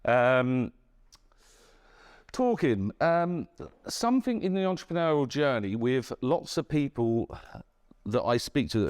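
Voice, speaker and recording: Man, middle-aged, from the UK, entrepreneur lecturing students, frank conversational delivery, "yeah?" check-ins, medium pitch. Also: darkish tone. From United Kingdom. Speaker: entrepreneur giving a talk. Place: university lecture room.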